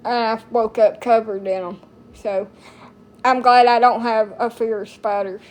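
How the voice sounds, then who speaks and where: A woman's voice: fairly high pitch, steady tone, measured pace, darkish tone. A woman in her thirties from the United States, chatting casually to her viewers in a blunt, rambling way full of folksy slang. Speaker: TikTok streamer. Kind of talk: casual chat to camera.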